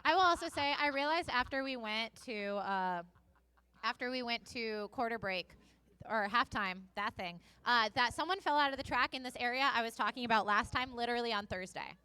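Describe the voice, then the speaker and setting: Woman, derby play-by-play host, chatty and self-correcting, voice bright and a touch high. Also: expressive, brisk, clean tone. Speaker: roller derby commentator. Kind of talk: live play-by-play commentary.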